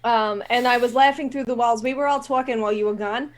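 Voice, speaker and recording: A woman's voice: fairly high pitch, steady tone, fast. A woman playing a tabletop game in character, hesitant, with lots of ums. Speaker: tabletop player.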